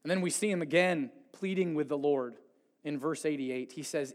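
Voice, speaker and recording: A man delivers a sermon in a high voice, pressing hard in pleading passages and then dropping almost to a hush. His voice rings out with a long reverb that fills a church sanctuary. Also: moderate pace. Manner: swings from pleading intensity to hushed quiet. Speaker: pastor.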